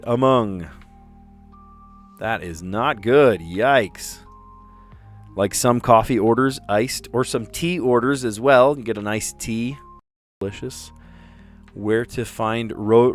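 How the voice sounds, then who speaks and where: A man's voice: medium pitch, slow, faint music behind. A middle-aged man and teacher hosting a casual livestream, chatting and rambling with frequent exclamations while he solves puzzles.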